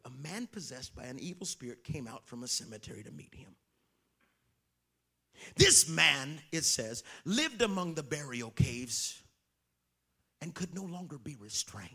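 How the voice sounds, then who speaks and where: A man preaching a sermon, telling stories and calling out to the crowd, with sudden swings from shouting to hushed whispers. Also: mid-range voice, very animated, moderate pace, slightly rough. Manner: storytelling, calls out to the crowd.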